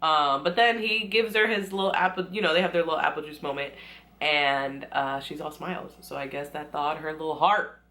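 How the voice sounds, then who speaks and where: A woman's voice: sits low, steady tone, sharp tone. Giggly chatty young woman recapping a show. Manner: chatty, giggly, acts out characters' lines in quick voices. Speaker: TV recap vlogger. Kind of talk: casual recap chat.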